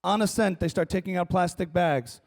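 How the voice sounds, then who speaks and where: A man doing a stand-up comedy set on a conference stage, wry and animated, playing to the crowd. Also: high voice, moderate pace. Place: large conference hall stage.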